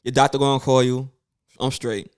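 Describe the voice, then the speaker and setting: A man in his thirties telling a story in casual chat, animated and swearing freely, acting out other people's lines. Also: mid-range voice, moderate pace, smooth. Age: 30s.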